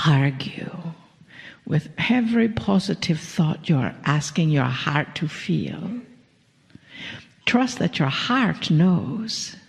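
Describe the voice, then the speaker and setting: Brief: woman channeler, gravelly edge, slow and soothing with soft whispers, long hall reverb. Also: lowish voice. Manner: speaks as a collective "we", slow and soothing, drifts into whispers, chuckles often. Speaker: spiritual channeler. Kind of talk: channeled spiritual message to a live audience. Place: live venue with an audience.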